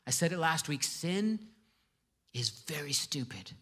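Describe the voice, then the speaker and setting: A man's voice: on the high side, expressive, unhurried, fairly bright tone, breathy edge. Man preaching in a chatty, joking way. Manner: conversational with joking asides. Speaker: pastor. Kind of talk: sermon. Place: church before a congregation.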